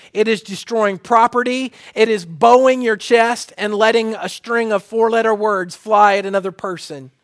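High-voiced male pastor preaching. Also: a bit bright, no echo, clean studio sound. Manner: repetitive preaching cadence, restarts. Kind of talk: sermon.

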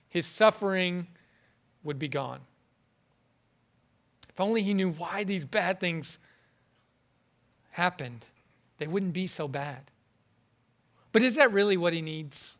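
A man preaching a sermon in an earnest, halting way, often repeating words as he goes. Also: high voice, animated, a bit bright. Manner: earnest, halting, with frequent word repetitions.

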